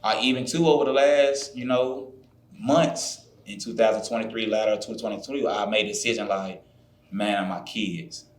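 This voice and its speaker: Low-voiced reflective man. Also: fairly even intonation, normal speed. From Florida, USA. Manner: reflective, keeps saying "you feel me". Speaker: podcast guest, fitness trainer. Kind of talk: casual conversation. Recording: roomy echo.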